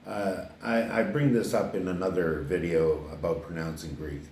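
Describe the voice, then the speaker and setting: A man's voice: low-pitched, steady tone, normal speed, a little mellow, slight background noise. An older man from Canada, an author talking casually to camera about his book, rambling with many fillers and restarts. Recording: roomy echo, distant mic.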